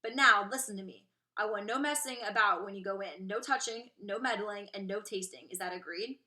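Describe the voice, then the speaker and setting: A woman voicing an excitable, eccentric male candy maker who gives brisk, theatrical orders while reading a storybook aloud. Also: medium pitch. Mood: brisk commanding.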